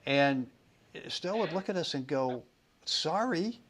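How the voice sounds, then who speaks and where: A man's voice: medium pitch, unhurried, a little hiss or hum. Chatty male podcast host. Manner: chatty storyteller, repeats words, animated when quoting. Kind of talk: casual podcast conversation.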